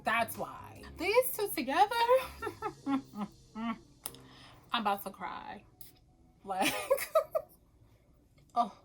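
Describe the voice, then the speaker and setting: An animated woman vlogger chats straight to her viewers, laughing a lot and calling them y'all. Her voice sits a little high. Faint music plays beneath her. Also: rough recording. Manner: animated, laughs often, chatty, says y'all. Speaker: perfume vlogger. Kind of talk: casual chat to camera.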